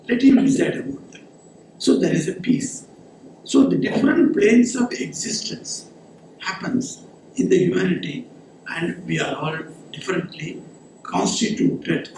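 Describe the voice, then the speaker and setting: A man's voice: high-pitched, creaky, a little mellow, slight background noise. A man, a monk giving an earnest spiritual discourse and explaining Sanskrit verses. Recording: echoey hall, voice from a distance, faint ambience.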